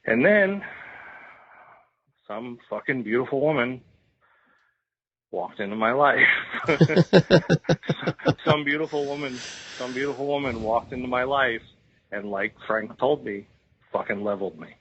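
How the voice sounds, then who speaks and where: Husky low guy telling his story raw, swears a lot, sounds like a phone call. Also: normal speed, bright, forceful tone. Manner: emotional, repetitive, swears freely. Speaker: podcast guest. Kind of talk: candid personal storytelling. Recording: tinny phone-like line.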